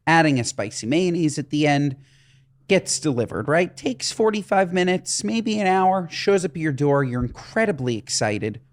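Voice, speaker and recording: A man's voice: a little high, big pitch swings, moderate pace. A man co-hosting a comedy podcast, ranting in exasperated comic bursts. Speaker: podcast co-host. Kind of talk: comedic casual podcast chat.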